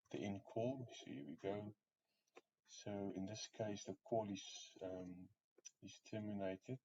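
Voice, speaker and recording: A man walking through a software setup on screen, unhurried, with many ums and pauses. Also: low voice. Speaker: software tutorial presenter. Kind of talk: screen-share walkthrough. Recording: muffled lo-fi audio, faint hiss.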